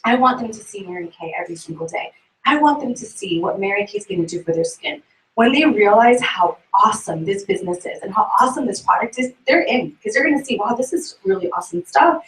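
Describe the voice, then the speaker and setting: A woman with a fairly high voice talks fast while giving a group a sales tip, asking them questions. She sounds distant from the mic in an echoey room with faint background noise. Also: animated, fairly bright tone. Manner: brisk, asks the audience questions. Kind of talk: motivational talk to a group.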